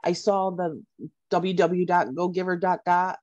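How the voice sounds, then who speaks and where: A woman's voice: lowish voice, flat delivery, moderate pace, a little mellow, muffled recording. A woman chatting on a video call, enthusiastic, with fillers trailing through her stories. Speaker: guest. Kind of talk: casual video-call chat.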